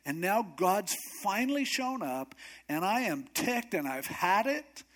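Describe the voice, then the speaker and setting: A man's voice: fairly high pitch, expressive, moderate pace, a bit bright. A man voicing the prophet Elijah as an exasperated, fed-up complainer in a sermon retelling.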